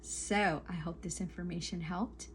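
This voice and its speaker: A woman's voice: on the low side, fairly even intonation, unhurried, slight background noise. A woman talking to camera as a spiritual coach, giving earnest advice in emphatic, repetitive lists.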